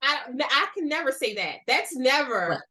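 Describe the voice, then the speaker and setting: Bright, playful woman podcast host. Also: high voice, moderate pace. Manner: playful and expressive, laughs often. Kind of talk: casual chat between friends.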